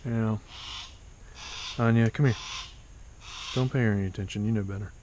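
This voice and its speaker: A man narrating a casual vlog outdoors as a falconer, talking quietly and patiently and coaxing his bird between remarks. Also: on the low side, fairly even intonation, moderate pace, a little hiss or hum. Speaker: falconer training a hawk. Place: outdoors among trees.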